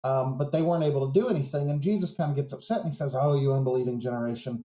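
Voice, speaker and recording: A man with a fairly high but mellow, dark-toned voice speaks as a pastor on a podcast. He retells a story in an earnest, reflective way. His voice echoes around the room. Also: rapid-fire. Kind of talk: podcast conversation, telling a Bible story.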